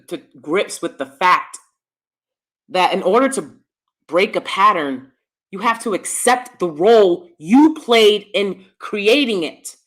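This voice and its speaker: A middle-aged woman hosting her own channel, talking bluntly and lecturing in a casual monologue to the camera. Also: a bit bright. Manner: blunt, lecturing, switches between low asides and emphatic bursts. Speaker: YouTube commentary host.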